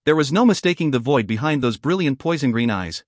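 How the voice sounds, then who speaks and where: A man reading an audiobook narration in a measured, expressive storytelling manner. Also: mid-range voice, no room sound, studio quality. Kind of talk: scripted narration.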